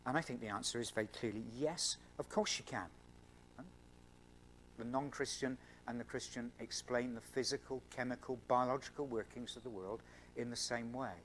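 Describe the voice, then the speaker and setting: At a normal speed and in a mid-range voice, a scientist addresses a student Christian group in an earnest evening lecture at a university event. He draws on everyday examples and stresses important words; slight background noise is audible.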